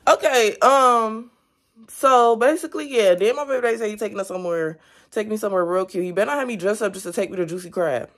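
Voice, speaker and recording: A woman's voice: medium pitch, fast. Chatty young woman vlogging at home. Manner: chatty, animated, talks straight to viewers. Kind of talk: casual vlog chat to camera. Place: at home, indoors. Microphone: camera on a stand.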